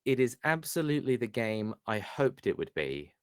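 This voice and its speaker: A man's voice: medium pitch, big pitch swings, normal speed, clear, resonant tone, dry recording, studio quality. A man co-hosting a podcast, chatting casually and hesitantly searching for the right words. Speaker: podcast co-host. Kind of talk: casual chat.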